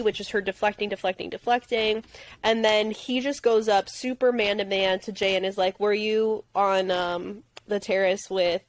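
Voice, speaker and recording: A woman's voice: mid-range voice, fairly even intonation, measured pace, poor audio. A woman co-hosting a podcast, chatting casually with a wry, self-deprecating manner. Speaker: podcast co-host. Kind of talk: casual chat recapping a reality show.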